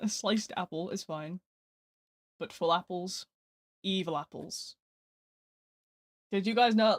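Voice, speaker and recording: A man's voice: high-pitched, no room sound. A man streaming a video game, chatting casually with viewers in a playful, joking way with mock-dramatic outbursts. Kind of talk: casual live-stream chat while gaming.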